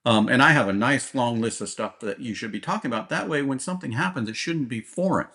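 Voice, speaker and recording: A man's voice: medium pitch, fast, bright, forceful tone. Blunt, plain-spoken man. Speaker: police officer guest. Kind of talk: candid interview talk.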